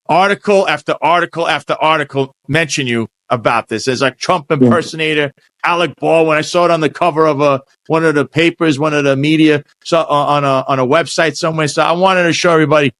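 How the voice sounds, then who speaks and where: A man's voice: a little high, steady tone, a little fast, fairly bright tone, dry recording. A man hosting a podcast interview in a casual, rambling way, often restarting his sentences. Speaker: podcast host.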